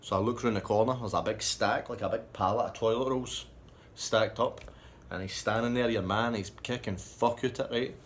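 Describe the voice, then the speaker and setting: Man, low voice, profane rambling storyteller, faint background hiss. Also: fairly even intonation, moderate pace. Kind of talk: casual spoken anecdote.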